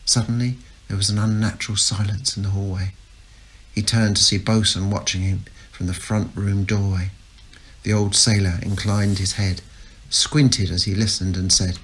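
A man's voice: fairly low pitch, level tone, normal speed, a bit bright, breathy edge, rough recording. A man giving a dramatic reading of a novel excerpt, understated but punchy in his delivery. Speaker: reader of a submitted manuscript.

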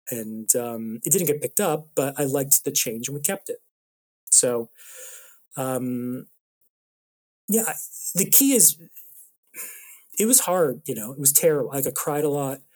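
Mellow-voiced man, rambling storyteller. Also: medium pitch. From Toronto, Canada. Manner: animated storyteller, rambling restarts. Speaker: improv comedian and show producer. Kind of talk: casual interview talk.

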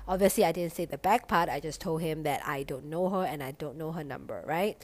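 A young woman telling a story casually, animated, swearing a lot and using lots of "like". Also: sits low, a little fast, few pauses.

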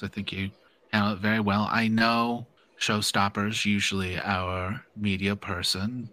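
A man's voice: on the low side, sharp tone. A man playing a fussy, image-minded male program director who talks in hesitant, bureaucratic phrases. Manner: bureaucratic, hesitant, filler-heavy.

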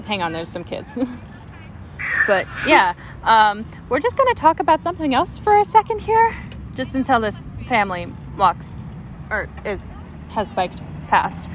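Young woman, high animated voice, giggly and easily distracted, casual podcast outdoors by a street. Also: normal speed. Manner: giggly, easily distracted, interrupts to flag passers-by. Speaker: podcast co-host. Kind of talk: casual chat. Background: street noise and passing vehicles.

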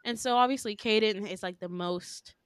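A woman's voice: mid-range voice, moderate pace, clear, resonant tone, dry recording, studio quality. A young woman hosting a podcast, telling a story in a rambling casual way, full of filler words. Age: young adult. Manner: rambling, heavy on fillers like "like", laughs often. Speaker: podcast host.

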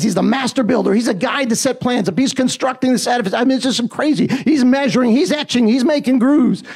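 High-voiced fervent man preaching. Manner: emphatic, call-and-response fillers, often rising to near-shouting. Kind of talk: sermon.

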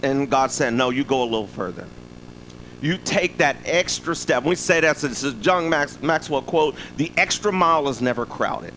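A man's voice: mid-range voice, animated, moderate pace, a bit bright, a little hiss or hum, low-quality recording. A man preaching a sermon in a loose, conversational way, often checking in with "right?". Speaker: pastor.

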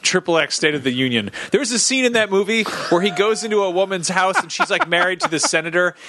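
A man co-hosting a comedy podcast, retelling a movie scene with excitement. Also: high-pitched, quick pace, slight background noise. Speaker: podcast co-host. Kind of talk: comedic rant.

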